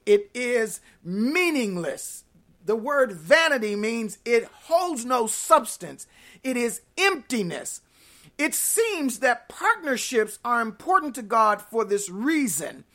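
A woman's voice: fairly high pitch, a bit bright. Emphatic woman pastor preaching online. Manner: emphatic, repeats key points, folksy and conversational. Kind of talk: online sermon.

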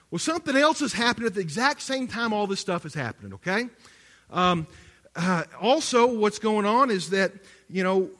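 A middle-aged man preaches in a high, carrying voice, storytelling with many restarts and direct asides to his congregation. His voice rings with the long reverb of a large hall. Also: fairly bright tone. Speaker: pastor. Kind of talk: sermon.

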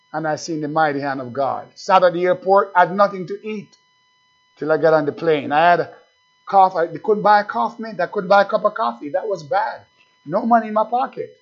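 A man preaching a sermon, emphatic, stretching words slowly to stress the scripture. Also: high voice. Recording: dull lo-fi recording.

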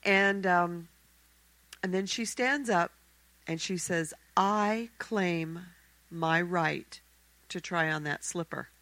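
A woman telling a fairy tale aloud in a church service, expressive and acting out the characters. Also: lowish voice, slow, long pauses, dry recording, rough recording. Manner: expressive, acts out the characters' voices. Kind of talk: animated fairy-tale storytelling.

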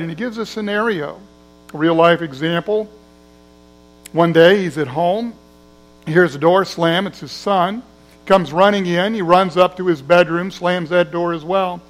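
A man's voice: high-pitched, unhurried, low-quality recording. A man preaching a sermon in a conversational way, acting out the voices of people in his story. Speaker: pastor.

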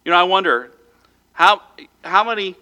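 A man's voice: sits high, animated, normal speed, pushed and bright. A man preaching a sermon as pastor, talking plainly and acting out quoted voices as he goes.

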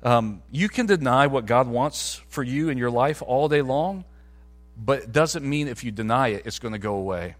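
A man's voice: mid-range voice, lively intonation, normal speed. A man, a pastor, preaching a sermon in a conversational way that climbs to emphatic peaks.

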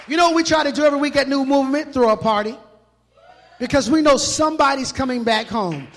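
A male pastor preaching a sermon in a church, animated and emphatic, mixing in casual street slang. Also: very high voice, fast talker, a faint crowd. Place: church hall. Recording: long reverb of a large hall.

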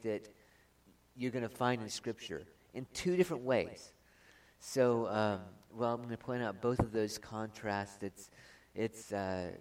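A man preaching a sermon, praying haltingly with many fillers and getting louder when he reads scripture. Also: mid-range voice, far from the mic. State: emotional. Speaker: pastor. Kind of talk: sermon with prayer and scripture reading.

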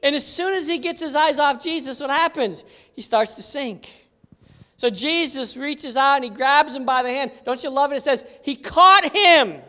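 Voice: high-pitched, normal speed, sharp tone. A Bible teacher giving an interactive lesson, telling stories with animation and asking the audience questions. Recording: long hall reverb.

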